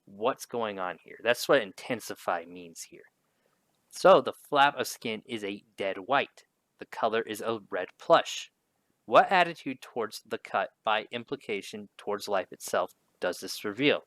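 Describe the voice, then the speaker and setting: A man's voice: on the low side, animated, measured pace, a bit bright, dry recording. A male teacher giving a casual spoken lesson, talking his students through questions in a conversational way.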